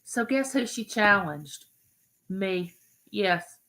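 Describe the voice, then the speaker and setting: Bright-voiced woman chatting live. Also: mid-range voice, lively intonation, takes it slowly, poor audio. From Mississippi. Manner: friendly, greets viewers by name, rambling. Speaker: live-stream host. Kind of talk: chatty live-stream greeting viewers.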